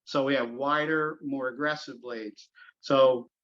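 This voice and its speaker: A man's voice: mid-range voice, fairly even intonation, unhurried, a bit bright, lo-fi sound. A middle-aged man, a golf course superintendent, telling long stories in a casual podcast interview, with lots of fillers and restarts. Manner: rambling storyteller, many fillers and restarts.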